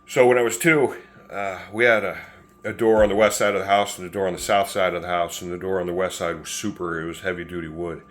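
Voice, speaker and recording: A man's voice: sits low, steady tone, fast. A man in his fifties telling stories in a rambling, folksy way, chuckling often. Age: 50s. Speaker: storyteller. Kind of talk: casual storytelling to camera.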